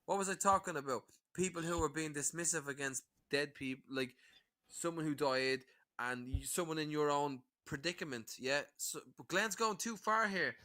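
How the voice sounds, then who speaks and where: A man's voice: a little high, normal speed, bright, forceful tone. A man talking in a casual livestream chat as a panel guest, combative, sweary and mocking.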